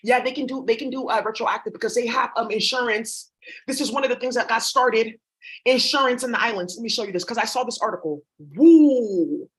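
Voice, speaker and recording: A woman's voice: on the high side, fast talker, a bit bright. A woman vlogger talking in a rambling, blunt, profane monologue. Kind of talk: casual monologue.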